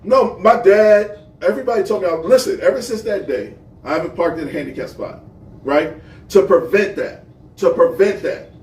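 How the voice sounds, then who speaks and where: A man co-hosting a casual podcast chat, telling stories in an animated way and swearing freely. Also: sits high, moderate pace, distant mic. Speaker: podcast co-host. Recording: roomy echo, off-mic, faint hiss.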